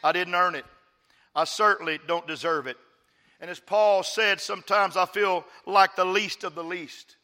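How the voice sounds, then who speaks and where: High, bright-voiced preacher. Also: male voice, normal speed. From West Texas. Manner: preaching with call-and-response, emphatic. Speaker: pastor. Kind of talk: sermon. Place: church stage before a congregation. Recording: long hall reverb.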